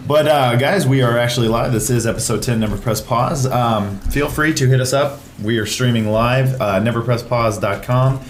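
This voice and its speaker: A man's voice: mid-range voice, moderate pace, few pauses. A man from Kentucky with a Kentucky accent, hosting a casual gaming podcast in a laid-back, joking way. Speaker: podcast host. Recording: echoey room with faint hiss.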